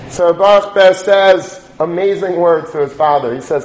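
In a high-pitched, unhurried voice, this man tells a story during a heartfelt Torah talk, dropping in Hebrew and Yiddish terms as a rabbi would. Faint noise and echo from the room color the recording.

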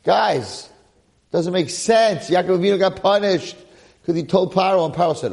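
A Torah lecturer leads an informal, animated class for a group, speaking casually and sprinkling in Hebrew and Yiddish terms. His voice sits high with vocal fry, at a normal speed.

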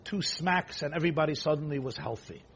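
A rabbi delivering a sermon, telling a story in animated storytelling style with rapid bursts of emphasis. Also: male voice, fairly high pitch, slight background noise.

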